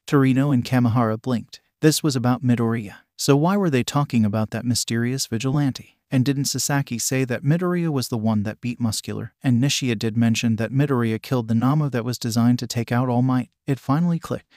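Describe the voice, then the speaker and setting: A man's voice: medium pitch, a little fast, few pauses, a little mellow, no echo. Man reading fan fiction, dry sound. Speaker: narrator.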